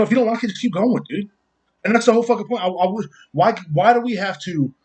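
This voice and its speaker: Man hosting a podcast; rants indignantly and repeats himself, voice sits a bit high. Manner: indignant, repetitive, swears a lot. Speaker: podcast host. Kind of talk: profane ranting monologue.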